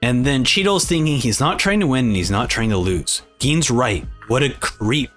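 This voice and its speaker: A young man giving excited reaction commentary on an anime and reading lines aloud in playful voices. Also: mid-range voice, normal speed, faint music behind. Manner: animated, reads lines aloud in silly voices.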